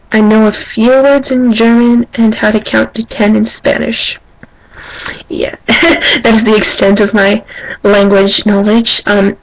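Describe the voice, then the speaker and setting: A woman's voice: a little high, creaky. A young Canadian woman in a casual home vlog, reading a passage aloud and then answering questions in a plain, slightly hesitant way with fillers, recorded on a camera resting on her knees. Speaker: vlogger. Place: at home, seated without a table. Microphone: camera's built-in mic, camera resting on her knees. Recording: dull lo-fi camera audio.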